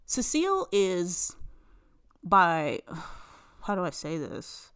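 A woman hosts a solo podcast, ranting in casual chat. She talks bluntly and sarcastically, swearing freely. Her voice swings widely in pitch, shooting up whenever she is incredulous. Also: very slow, clean tone. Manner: animated, pitch jumps high when incredulous. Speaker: podcast host.

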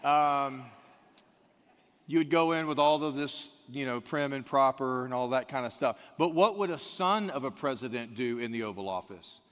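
A man preaching a conversational sermon, swinging from quiet, low asides to sudden loud, emphatic rises. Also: moderate pace, clear, resonant tone. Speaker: pastor. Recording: long reverb of a large hall.

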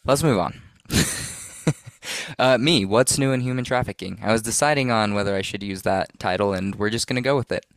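A man's voice: fairly low pitch, fairly quick, dry recording. A man co-hosting a podcast in casual chat, joking and sarcastic as he leads the segments. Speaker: podcast co-host.

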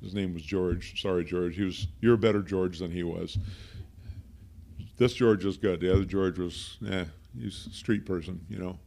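A pastor delivers a conversational sermon, stopping to unpack word meanings and drift into asides. His man's voice sits low and carries a steady gravelly fry. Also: normal speed.

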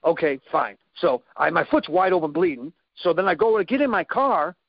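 Male storyteller, high animated voice with gravel, acts out sound effects; dry, slightly muffled recording. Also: a little fast, dry recording. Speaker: guest telling a story. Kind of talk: casual storytelling.

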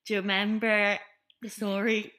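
A woman, co-hosting a podcast and bantering in a quick, teasing way. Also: mid-range voice, flat delivery, pushed and bright. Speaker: podcast co-host. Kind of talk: casual chat.

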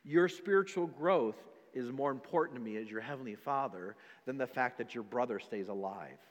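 A male pastor speaks at normal speed in an expressive, medium-pitched voice, his words trailing into long reverb in a church hall. He reads old-fashioned scripture aloud and performs the skeptical voices of people in the story.

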